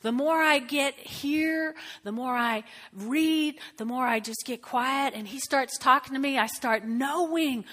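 A woman pastor preaching a sermon and leading prayer, animated and exuberant with sudden exclamations. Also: sits high, measured pace, few pauses.

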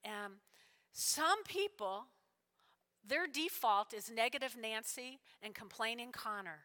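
A woman preacher with a high, bright, forceful voice delivers an animated sermon, circling back to her points and asking "all right?" again and again. Her voice rings out with a long reverb, as in a large church sanctuary. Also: slow. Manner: animated, repeats lines, checks in with "all right?".

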